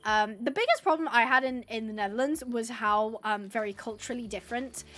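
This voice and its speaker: A woman from England live-streams a game, her voice fairly high, expressive, a bit bright and a little fast. She chats casually and rambles, laughing often while reading out the chat.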